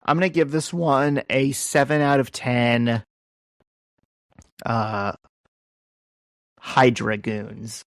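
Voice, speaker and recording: Male podcast host, casual comic recap, chatty storyteller, mid pitch, dry close sound. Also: flat delivery, slow pace, long pauses, dry recording. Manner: chatty, storytelling, with many fillers and restarts.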